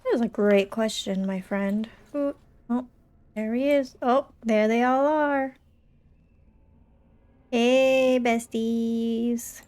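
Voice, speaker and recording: Slow-talking playful woman streamer. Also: fairly high pitch, fairly even intonation, a little mellow. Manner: playful, jokey, dramatically scared. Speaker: gaming streamer. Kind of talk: casual gameplay commentary.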